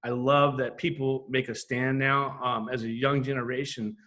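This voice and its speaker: A man's voice: mid-range voice, moderate pace. A middle-aged man, a graffiti artist guest on a podcast, telling stories in casual, profane chat and acting out the back-and-forth of conversations. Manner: animated, acts out quoted exchanges, swears casually.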